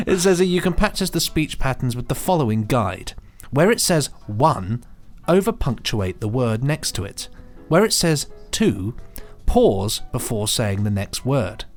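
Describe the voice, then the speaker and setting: A man co-hosting a podcast in relaxed, casual chat, who often chuckles and reads things aloud with relish. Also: mid-range voice, measured pace, soft background music. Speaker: podcast co-host.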